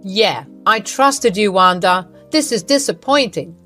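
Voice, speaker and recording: Brief: female narrator reading a stern, cold husband, firm and clipped, slow delivery. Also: medium pitch, expressive, fairly bright tone, soft background music. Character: stern husband faking hurt anger, man.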